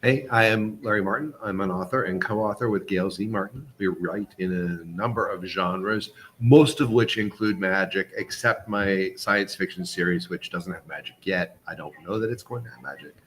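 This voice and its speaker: Deep-voiced man on a panel. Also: moderate pace, few pauses, fairly bright tone. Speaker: author and panelist. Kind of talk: panel introduction. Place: convention panel room.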